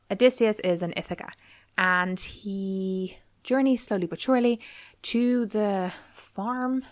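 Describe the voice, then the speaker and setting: Woman podcast host, casual retelling, playful character voices, mid-pitched, close dry sound. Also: no echo. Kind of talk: casual storytelling retelling of a book.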